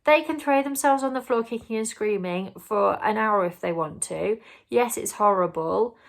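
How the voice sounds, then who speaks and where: A woman's voice: medium pitch, moderate pace, gravelly. A woman giving earnest, explanatory parenting advice to camera, sometimes acting out what a parent or child might say. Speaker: parenting vlogger.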